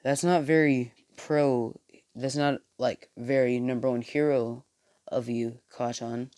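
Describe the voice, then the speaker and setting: Man voices gentle, resigned schoolboy; soft, slow delivery. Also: mid-range voice, level tone, clear, resonant tone, dry recording, natural voice.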